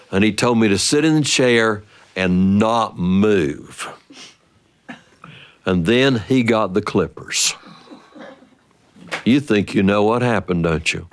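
An older man telling a family story in a folksy, playful, drawn-out way. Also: fairly low pitch, a little hiss or hum.

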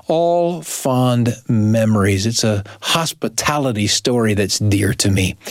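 A man's voice: mid-range voice, dry recording, studio quality. A man hosting a storytelling program, reflecting on a memory and introducing the next teller. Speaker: radio show host.

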